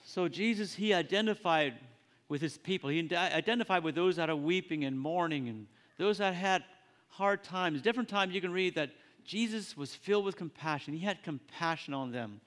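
A man preaching a sermon in an earnest, halting way, often repeating his phrases. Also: high-pitched, fairly bright tone. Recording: long reverb of a church hall.

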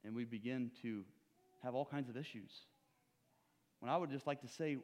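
A man preaching a sermon, swinging from loud urging to hushed low asides, with rhetorical questions and acted-out stories. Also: fairly quick, long pauses, in a large hall.

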